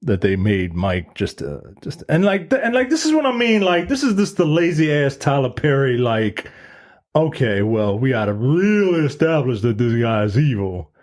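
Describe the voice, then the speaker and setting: A man co-hosting a casual movie review podcast, ranting with animated, profane disbelief. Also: mid-range voice, moderate pace. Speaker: podcast co-host.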